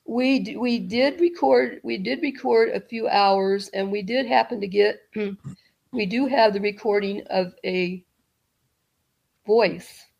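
A middle-aged woman telling a story as an interview guest, rambling, with restarts and soft laughs. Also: mid-range voice, slow, creaky.

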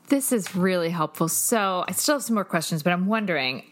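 A woman's voice: on the low side, lively intonation, fairly quick. Woman host asking a follow-up question. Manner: encouraging, laughs along, asks follow-up questions. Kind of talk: interviewing a guest.

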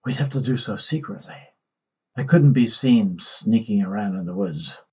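A man voicing an arrogant young king who mocks, threatens and shouts. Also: on the low side, animated, normal speed, slightly rough. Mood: eager.

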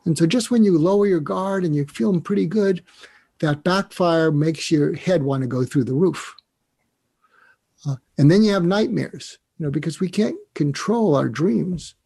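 A man's voice: on the high side, normal speed, vocal fry, mellow, husky. A man talking as a psychiatrist guest on an interview show, explaining ideas earnestly and step by step, reflective in tone. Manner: earnest, reflective, walks through steps one by one; emotional when recalling a mentor.

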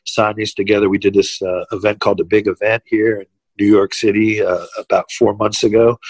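A man's voice: lowish voice, no echo, rough recording. An older man, a former pro wrestler, telling stories in a casual interview, rambling with lots of fillers and restarts.

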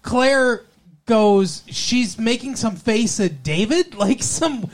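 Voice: mid-range voice, lively intonation, slow pace. A podcast co-host chatting casually about a TV episode, opinionated and profane, with loose rambling sentences. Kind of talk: casual TV recap chat.

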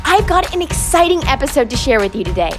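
A woman's voice: sits high, sing-song, fast talker, over music. A woman hosting a children's wildlife show, presenting in a bubbly, playful way with comic asides. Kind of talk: playful scripted presenting for kids.

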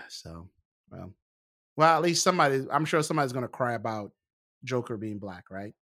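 A man in a casual chat about TV shows, relaxed and opinionated, often restarting his sentences. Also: medium pitch, moderate pace.

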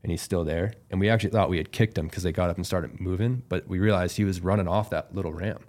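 A calm, laid-back man telling a story as a podcast guest in casual conversation. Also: low-pitched, quick pace.

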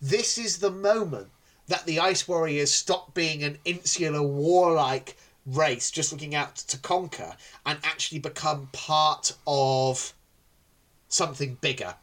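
A man's voice: fairly high pitch, measured pace, fairly bright tone. A man co-hosting a casual podcast chat, who rambles with many ums and restarts. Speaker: podcast co-host.

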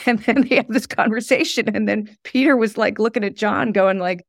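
A woman's voice: mid-range voice, a little fast, creaky, hardly any pauses, no echo. Woman telling stories with laughter, dry sound. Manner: animated storytelling, laughs often. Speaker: guest. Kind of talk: conversational interview.

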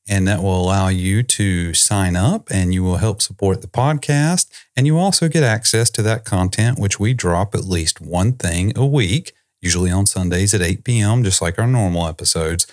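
A man co-hosting a podcast, chatting casually and joking in a boastful deadpan way. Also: deep voice. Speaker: podcast co-host. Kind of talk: casual podcast outro chat.

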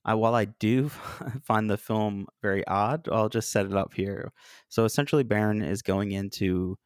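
A man casually discussing an old film with a co-host, animated and acting out the quoted lines. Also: lowish voice, moderate pace, smooth, no echo, clean studio sound.

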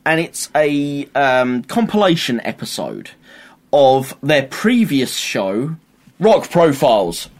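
A man's voice: medium pitch, slow. Young guy rambling in a podcast chat, voice bouncing all over. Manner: animated, rambling, laughs often. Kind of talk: casual chat.

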